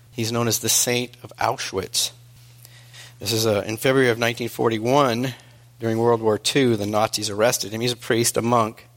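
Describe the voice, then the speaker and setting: A male preacher delivering a sermon in an earnest storytelling manner, moving between hushed and emphatic. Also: fairly low pitch.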